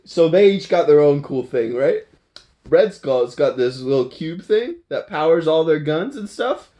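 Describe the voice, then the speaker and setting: A man's voice: on the high side, animated, measured pace, mellow. A man casually recapping a movie plot, rambling and playful, often laughing and correcting himself.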